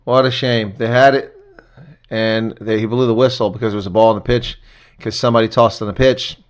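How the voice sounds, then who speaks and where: Reacting live to a rugby match, a man speaks briskly in a lowish voice. His commentary is casual and chatty, with thanks to viewers and bursts of excitement on big plays.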